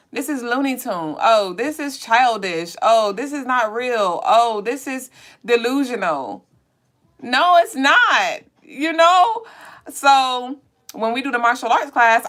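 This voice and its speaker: Chatty, laughing woman livestream host. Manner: chatty and animated, with frequent laughter; swears casually, with high squealing bursts. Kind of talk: casual livestream chat, reading viewer comments.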